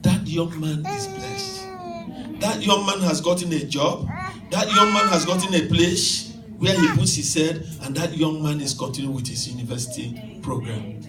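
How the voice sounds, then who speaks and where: A man preaching an emphatic sermon and telling a story to a congregation, sometimes rising to shouts. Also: fairly high pitch, moderate pace, over loud music. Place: church hall. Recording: echoey hall from far off.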